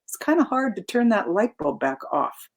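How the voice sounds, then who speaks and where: A woman's voice: fairly high pitch, very animated, moderate pace. A woman speaking as a guest on a spiritual talk show. She talks in a reflective, searching way, repeats words as she gathers her thoughts, and laughs easily.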